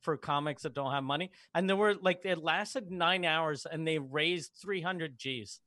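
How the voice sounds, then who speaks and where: A comedian in a casual podcast chat, telling self-mocking, profane stories. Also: male voice, on the high side, measured pace, pushed and bright, dry recording.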